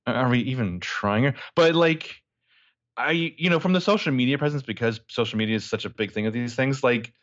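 A man's voice: medium pitch, brisk, no room sound, dull audio. A man co-hosting a podcast, chatting casually and animatedly, joking and laughing as he talks. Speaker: podcast co-host. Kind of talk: casual chat.

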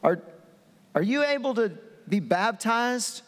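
A preacher voicing an exasperated, incredulous Jesus in a high-pitched voice, speaking in a large reverberant hall. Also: male voice, lively intonation, slow pace, heavily acted.

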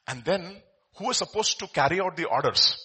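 A man preaching a sermon, reading scripture aloud and asking the congregation rhetorical questions, his voice swinging between loud and soft. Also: sits high, a little fast, breathy edge. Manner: expressive preaching with rhetorical questions, voice rising and dropping sharply. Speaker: pastor.

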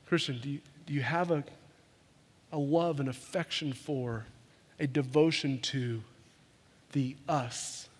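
A man preaching a sermon to his congregation in an earnest, conversational way, often repeating words as he rushes ahead. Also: medium pitch, steady tone, husky. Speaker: pastor. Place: church sanctuary. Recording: long hall reverb.

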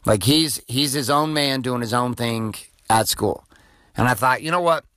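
A man in his forties hosts a podcast, talking off the cuff in an intense, profane, filler-heavy way. His voice is forceful and tense. The sound is dry and close. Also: mid-range voice, a little slow, dry recording. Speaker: podcast host. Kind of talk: off-the-cuff motivational monologue.

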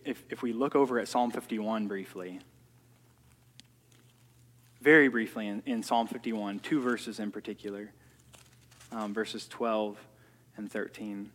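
A man's voice: on the low side, moderate pace, a bit bright. A man preaching a sermon earnestly, often repeating words as he works through his points. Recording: long hall reverb.

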